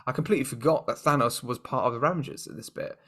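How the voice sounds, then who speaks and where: A man from the UK with a British accent, co-hosting a casual podcast chat. He muses and speculates as he goes, often trailing off and padding his thoughts with "kind of". His pitch sits in the middle range for a man. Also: quick pace, a bit bright. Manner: musing, thinks aloud with many "kind of"s. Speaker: podcast co-host.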